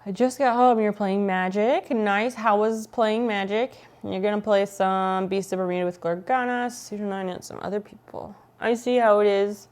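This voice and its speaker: A woman's voice: medium pitch, fairly even intonation, normal speed, few pauses, a little mellow. Woman streamer, casual playful chat with viewers, teasing tone. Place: home.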